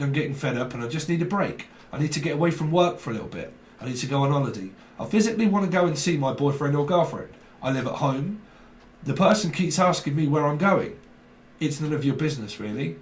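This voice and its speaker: A man's voice: on the high side, slight background noise. Dramatic, emphatic man reading tarot. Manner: emphatic, dramatic, keeps asking "right?". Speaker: tarot reader. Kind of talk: casual video tarot reading. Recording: echoey room.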